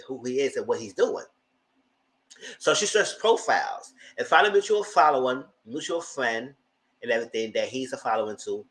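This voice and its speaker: A man casually retelling a reality show episode, animated and incredulous, jumping to high exclamations. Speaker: TV recap vlogger. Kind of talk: casual recap commentary.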